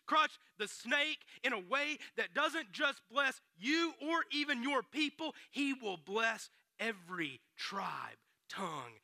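Very high-voiced, bright man preaching. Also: no room sound, clean studio sound. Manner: dramatic, dropping to hushed near-whispers for emphasis. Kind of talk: Christmas sermon storytelling.

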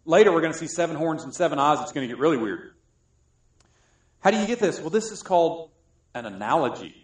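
A man from South Carolina preaching a sermon, joking and swinging between loud and soft. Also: on the high side, lively intonation, fast. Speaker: pastor. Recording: echoey room.

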